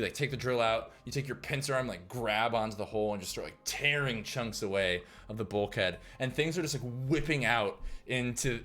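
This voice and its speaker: A man's voice: mid-range voice, fairly bright tone. A man narrating as game master of a sci-fi tabletop game, casual and full of fillers and sound effects.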